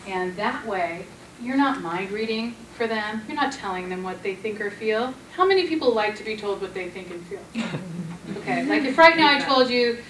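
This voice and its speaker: Gentle woman therapist in an echoey hall. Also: on the high side, lively intonation, normal speed. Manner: gentle, coaching, acts out sweet quotes. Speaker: therapist leading a workshop. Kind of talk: conference talk with role-play. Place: conference room. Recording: echoey conference room from far off, noisy.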